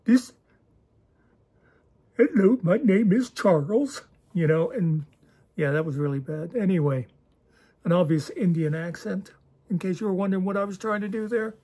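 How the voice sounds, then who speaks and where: Mellow, husky man rambling wryly. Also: high-pitched, a little fast. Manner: digressive, wry and self-deprecating. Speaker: channel host. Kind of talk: casual rambling monologue.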